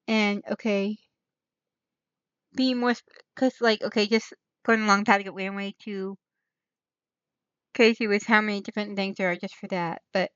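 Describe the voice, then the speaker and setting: A woman's voice: mid-range voice, fairly even intonation, normal speed, pauses often, fairly bright tone, smooth, no echo. A woman hosting her own stream in a loose, rambling chat. She thinks aloud, drifts off mid-thought and circles back. Her voice sits in a middle register, and the sound is dry and a little muffled. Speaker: channel host. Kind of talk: rambling casual livestream chat.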